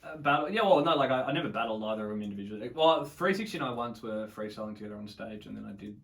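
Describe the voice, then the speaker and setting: A man's voice: fairly low pitch, expressive, very fast, distant mic. A young Australian man casually telling a long story as a podcast guest, swearing freely and acting out what people said. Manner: swears a lot, acts out quotes.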